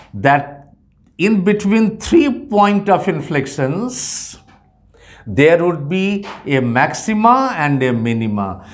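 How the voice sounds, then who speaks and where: A man gives a methodical maths lecture as an economics tutor, repeating each point. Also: fairly high pitch. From India. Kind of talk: math lecture.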